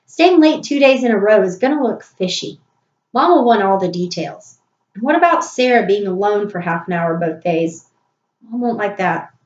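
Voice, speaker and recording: A woman's voice: mid-range voice, expressive, normal speed, natural voice. A woman voicing a young schoolboy, sheepish and sly, talking in a fretful hurry. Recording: roomy, dull recording.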